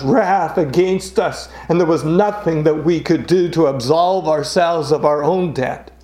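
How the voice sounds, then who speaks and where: A man's voice: on the high side, darkish tone, reverberant. A man preaching a sermon, earnest and emphatic, often repeating key phrases for weight.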